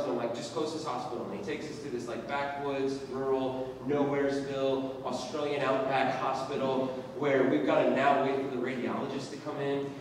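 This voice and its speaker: A man's voice: medium pitch, recorded from a distance, background noise. A man preaching a sermon as pastor, telling a personal story in a loose, conversational way. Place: church hall. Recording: echoey hall, voice from afar.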